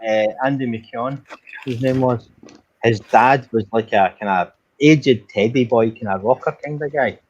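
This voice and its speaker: A man's voice: medium pitch, measured pace, a little mellow, breathy edge, no echo. An Irish man rambling through a story in casual chat, swearing freely. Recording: dull lo-fi sound.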